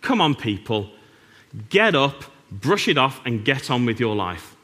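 A man's voice: mid-range voice, very animated, measured pace, pushed and bright, full character voice. A man voicing a blunt, forthright male prophet who scolds his people to get on with life, in a long-reverb hall. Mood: rousing. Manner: brusque, rousing.

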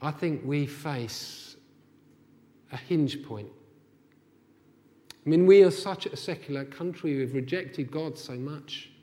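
A man delivers a sermon in a high-pitched voice. He is impassioned, swelling to forceful, near-shouted peaks. His words carry a long reverb from a large hall. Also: measured pace, hardly any pauses. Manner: impassioned, rising to near-shouts when voicing God's anger. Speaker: preacher.

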